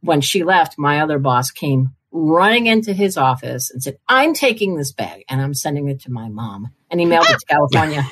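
Older woman guest, low voice, chatty anecdotes with acted-out voices. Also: very animated, normal speed, fairly bright tone, slight background noise. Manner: chatty, acts out quoted voices. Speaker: publishing marketing executive, guest. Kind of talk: casual storytelling in a conversation.

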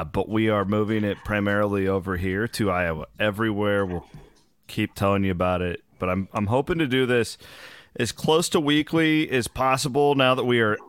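Hoarse, low, smooth-voiced podcast host. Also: male voice, a bit bright, dry recording, studio quality. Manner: loose, rambling, profane storytelling. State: hoarse from travel. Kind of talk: casual chat.

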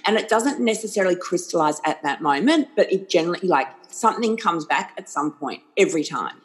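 A woman's voice: on the low side, lively intonation, fairly quick, low-quality recording. A woman hosting an interview, enthusiastic and affirming, sometimes stumbling as she works out her questions. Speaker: podcast host, interviewer. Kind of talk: casual interview conversation.

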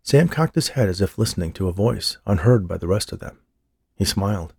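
A man narrating an audiobook in a steady, even storytelling manner. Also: low voice, brisk, gravelly, slightly rough, no echo. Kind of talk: scripted narration.

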